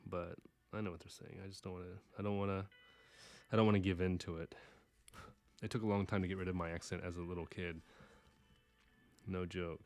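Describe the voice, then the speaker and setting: Brief: low-voiced man from Texas, faint twang, rambling live-stream chatter, jokes at his own expense. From Houston, Texas. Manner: rambling, self-deprecating, mutters to himself. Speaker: livestream artist. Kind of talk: casual live-stream chat while drawing.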